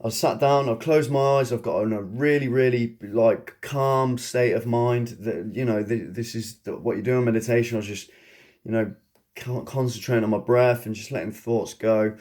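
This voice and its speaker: A man telling a personal story in a casual vlog monologue, rambling and excitable, often chuckling. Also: medium pitch, normal speed. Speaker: vlogger.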